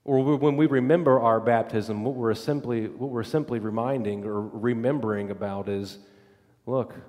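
A man preaching a sermon as pastor, with an emphatic, repetitive cadence that drops low and soft for scripture. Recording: long reverb of a large hall.

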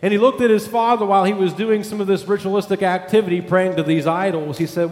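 A man's voice: high-pitched, fairly even intonation, quick pace, a little mellow, reverberant, long reverb tail. A male pastor preaching a sermon, emphatic, building points through repeated lists.

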